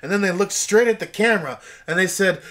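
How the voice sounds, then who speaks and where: A young man acting a clueless, tactless guest in a comedy sketch, rambling through absurd stories with halting fillers. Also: sits high, a bit bright. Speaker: bizarre guest in a comedy skit.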